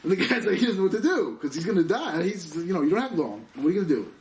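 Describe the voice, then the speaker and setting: A man teaching a rabbinic class, racing through stories and leaping up in pitch whenever he acts out a character. His voice sits a little high and swings widely. It is recorded from a distance, with a faint hum behind it. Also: very fast. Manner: excitable, acts out quoted people with sudden jumps in pitch; sprinkles in Yiddish and Hebrew terms. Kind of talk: animated storytelling Torah class. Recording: distant mic with faint background noise.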